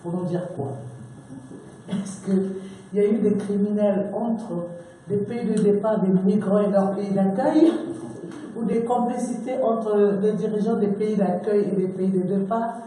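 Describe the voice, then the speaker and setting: Male moderator, high pitch, dark tone, questioning delivery, echoey hall. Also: fairly even intonation, moderate pace, a little hiss or hum. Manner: questioning, hesitant fillers. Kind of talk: introducing speakers at a press conference. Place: conference hall. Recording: very echoey conference room.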